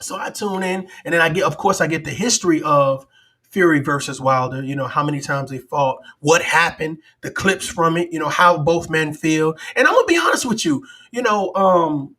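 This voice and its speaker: A man's voice: fairly high pitch, expressive, moderate pace, pushed and bright. A man hosting a live-stream talk show, chatting casually and animatedly, often acting out other people's voices. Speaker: livestream show host.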